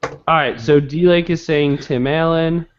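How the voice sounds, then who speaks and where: A man's voice: on the high side, unhurried, slight background noise. A man hosting a joking quiz host, lo-fi. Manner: joking, running the scores. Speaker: game show host. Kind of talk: casual live game show chat.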